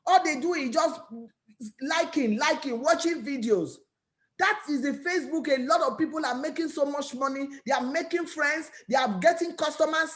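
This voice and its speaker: A woman with a Nigerian English accent gives an energetic motivational talk about her network marketing business, often repeating and restarting words. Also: sits high, moderate pace. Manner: energetic, repetitive, preachy.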